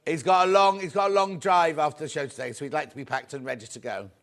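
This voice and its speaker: A man's voice: a little high, fast talker. A man presenting a live shopping show, upbeat and chatty, greeting viewers by name as he sells fabric.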